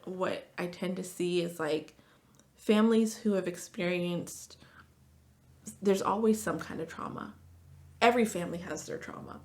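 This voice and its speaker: A woman therapist talking casually as a podcast guest, chatty, with lots of "like" fillers and lively storytelling. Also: mid-range voice. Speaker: marriage and family therapist.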